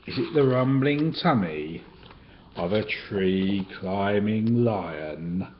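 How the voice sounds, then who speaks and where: A man voicing a fretful female animal in a storybook reading, asking anxious questions in a hushed way, on a dull, lightly hissing recording. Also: on the low side, animated, slow pace. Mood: fearful. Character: fretful female animal, Miss Moo Hoo.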